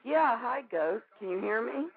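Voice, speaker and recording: A woman calling in to a radio show, calm and plain as she asks a question, over a tinny phone line. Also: fairly high pitch, normal speed, creaky. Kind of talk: casual phone call.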